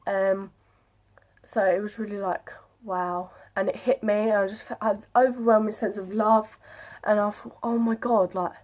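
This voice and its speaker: A young woman vlogger chats casually to the camera, retelling an experience in a chatty, animated way and quoting other people's voices. Her pitch is medium and her pace moderate.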